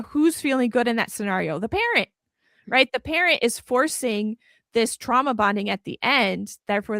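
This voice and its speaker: A woman's voice: medium pitch, pushed and bright, dry recording, clean studio sound. A woman guest on a podcast, talking in an impassioned, emphatic and indignant way. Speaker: guest author. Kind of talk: podcast conversation.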